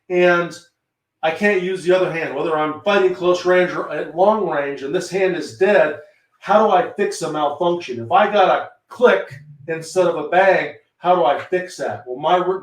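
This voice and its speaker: A man with a Southern American accent runs a live teaching stream, talking loosely and answering viewers by name while he demonstrates. His voice sits a bit high for a man. The room around him echoes. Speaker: firearms instructor hosting a livestream.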